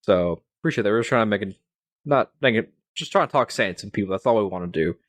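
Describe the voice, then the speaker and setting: A man's voice: fairly low pitch, animated, quick pace, dry recording. A young man hosting a casual sports podcast, rambling with lots of fillers and restarts. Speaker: podcast host.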